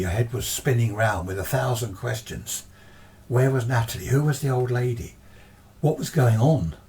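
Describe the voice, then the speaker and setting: A man's voice: mid-range voice, dark tone, far from the mic. A man retelling a ghost story in a casual, meandering way as the storyteller.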